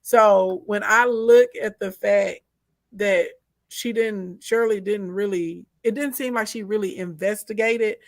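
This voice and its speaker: A woman with a Southern US accent co-hosting a casual chat, animated and emphatic as she talks listeners through her views. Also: mid-range voice, a little slow, dry recording, studio quality. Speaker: co-host.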